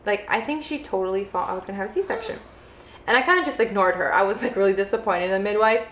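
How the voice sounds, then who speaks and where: A woman's voice: mid-range voice, lively intonation, fast, fairly bright tone. A young woman vlogger telling a personal story casually, peppering her speech with "like" fillers. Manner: chatty, heavy use of "like" fillers. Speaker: vlogger, first-time mother. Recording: roomy echo.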